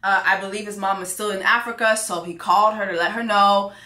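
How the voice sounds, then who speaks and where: Outspoken woman reviewer, bright voice, echoey room. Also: medium pitch, fairly even intonation, a little fast. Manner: blunt, profane, emphatic repetition. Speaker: host, reality show reviewer. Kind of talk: casual commentary.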